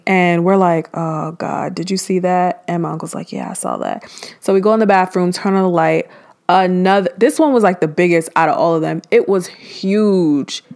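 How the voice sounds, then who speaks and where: A young woman vlogger telling a dramatic story in a casual, animated way, acting out the voices of the people in it. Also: lowish voice.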